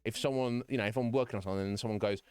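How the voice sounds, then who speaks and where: A man's voice: on the low side, steady tone, rapid-fire, a little mellow, clean tone. A man live-streaming from home, chatting casually with viewers in a frank, rambling way, often breaking into chuckles. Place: home room.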